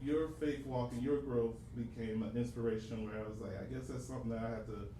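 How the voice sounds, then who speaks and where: A grown son talking casually with his father, halting with many fillers and chuckling often. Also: mid-range voice, fairly even intonation, dark tone. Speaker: church executive director, adult son. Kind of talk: casual family chat. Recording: roomy, distant mic with faint noise.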